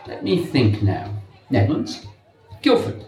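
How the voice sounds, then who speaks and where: A man's voice: mid-range voice, huge pitch swings, unhurried, warm tone, a little hiss or hum. A man playing a superior, clipped phonetics expert who places people's accents on stage. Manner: crisp, clipped and condescending. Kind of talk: stage play acting. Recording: echoey stage from a distance, music.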